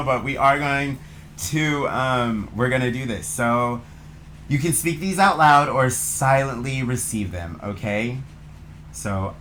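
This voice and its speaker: A man hosting a spiritual card reading channel, speaking gently and affectionately in a loose, meandering way, with many fillers. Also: medium pitch, a little slow, slight background noise. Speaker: channel host, tarot reader. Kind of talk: spiritual oracle reading, affirmations.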